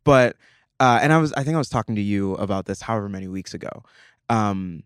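A man's voice: lowish voice, lively intonation, fairly quick, clear, resonant tone, no room sound, clean studio sound. A man chatting as a podcast guest. He tells stories with energy and acts out the voices of the people he quotes. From United States. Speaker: podcast guest, actor and musician. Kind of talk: casual chat.

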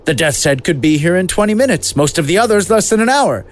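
A man's voice: high-pitched, lively intonation, quick pace, pitched above the performer's own voice. A man doing a tense imperial captain. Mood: urgent. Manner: urgent, clipped commands.

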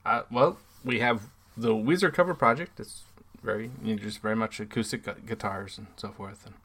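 A man's voice: on the low side, fairly quick, fairly bright tone, husky. A man co-hosting a casual podcast chat, hesitant and prone to repeating words. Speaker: podcast co-host.

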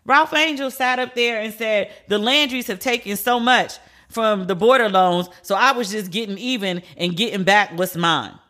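Woman, podcast host, bright voice, blunt, profane and incredulous in her commentary. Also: medium pitch, normal speed. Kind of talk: casual TV and news commentary.

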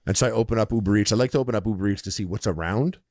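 Lively storytelling man, dry sound. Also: on the low side, very fast, dry recording. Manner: animated storyteller, acts out quoted people in shifting voices. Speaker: podcast co-host. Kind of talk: casual storytelling chat.

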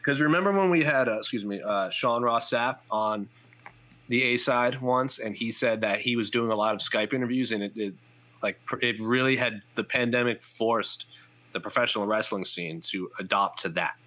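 A man's voice: mid-range voice, normal speed, pushed and bright. A man co-hosting a podcast, chatting casually and trailing off with fillers. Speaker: podcast co-host. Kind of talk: casual chat.

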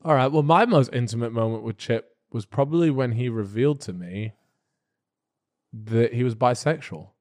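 A man's voice: mid-range voice, a little mellow. A man co-hosting a podcast, chatting casually and teasing his co-hosts. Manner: teasing, quick to joke. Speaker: podcast co-host. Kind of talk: casual chat.

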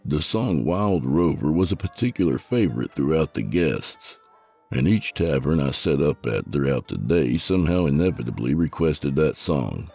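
A man narrating a first-person story with a gravelly, husky voice. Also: rumbling low, animated, normal speed, warm tone, faint music behind.

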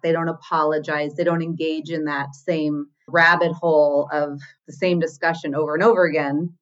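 A woman therapist talks through relationship patterns in a casual podcast chat, acting out quoted lines as she goes. Her voice sits somewhat low. The audio sounds a little dull and lo-fi. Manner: explanatory, acts out quoted lines. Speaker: therapist guest.

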